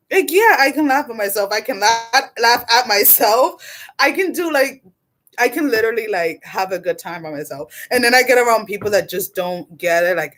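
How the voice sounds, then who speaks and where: A woman in her forties doing a casual livestream chat as an intuitive card reader, animated and blunt, laughing often and swearing casually. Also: a little high. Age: 40s.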